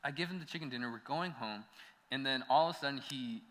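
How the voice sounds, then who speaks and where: A young adult man from the United States preaches at a quick pace in a mid-range, slightly bright voice. He tells a personal story conversationally, leaning on "like" and laughing in bursts, and the church hall adds long reverb.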